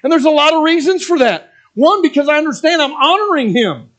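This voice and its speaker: Middle-aged pastor guy preaching, earnest, voice up high and jumping around. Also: expressive, brisk, fairly bright tone. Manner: earnest preaching with mocking quoted asides. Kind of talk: sermon.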